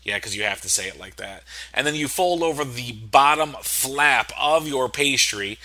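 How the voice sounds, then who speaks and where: A man's voice: mid-range voice, expressive, moderate pace, bright, forceful tone. A young man giving a casual cooking tutorial voice-over, laid-back and rambling, with lots of fillers and joking asides. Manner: jokey and irreverent asides. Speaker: home cooking instructor.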